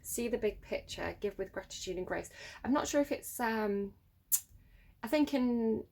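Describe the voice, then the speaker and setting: A woman's voice: a little high, lively intonation, normal speed, vocal fry, a little mellow, a little hiss or hum. A woman reading tarot cards to camera at home, musing and thinking aloud with many fillers. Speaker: tarot reader. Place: home room near a road.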